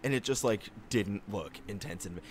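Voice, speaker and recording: A young man co-hosting a casual movie podcast, animated and full of fillers. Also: lowish voice, moderate pace, slight background noise. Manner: animated, filler-heavy, laughs often. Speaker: podcast co-host. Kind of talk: casual chat.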